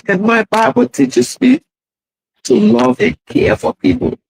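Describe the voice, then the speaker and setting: A woman's voice: fairly high pitch, measured pace, creaky, darkish tone, husky, dry recording, rough recording. A woman making a tearful, pleading apology video, played inside a commentary.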